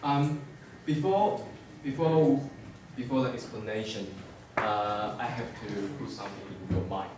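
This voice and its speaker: A man's voice: fairly low pitch, a little slow, background noise. A young man giving a class presentation, hesitant with many fillers. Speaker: student presenter. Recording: echoey classroom from far off.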